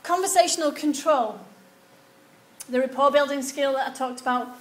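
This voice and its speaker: A woman giving a university lecture, animated and acting out example replies. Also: sits high, normal speed. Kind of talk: lecture on research methods. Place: lecture hall. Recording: echoey lecture room with some background noise.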